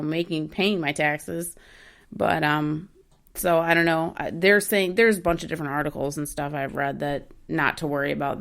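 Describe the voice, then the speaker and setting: Easygoing woman with a low, gravelly voice. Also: a bit bright. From United States. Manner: candid, easygoing, wry. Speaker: podcast guest. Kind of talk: casual podcast chat.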